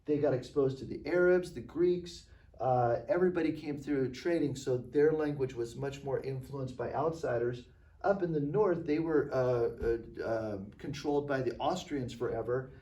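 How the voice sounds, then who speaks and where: A man's voice: medium pitch, moderate pace, dark tone. A man teaching a class, talking casually and often checking in with the students. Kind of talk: classroom lecture. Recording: echoey classroom, voice from far off.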